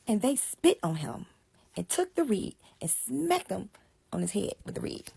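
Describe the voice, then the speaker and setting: A woman retelling a Bible passage in a casual, animated way, explaining as she goes and often dropping to a hushed whisper. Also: fairly high pitch, measured pace, gravelly, husky. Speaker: Bible storyteller.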